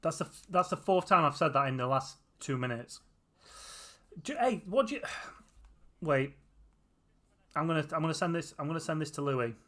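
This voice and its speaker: A man's voice: on the high side, moderate pace, pauses often, sharp tone. A tired man chatting casually to viewers on a live stream, with a runny nose. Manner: tired, chatty, often laughing.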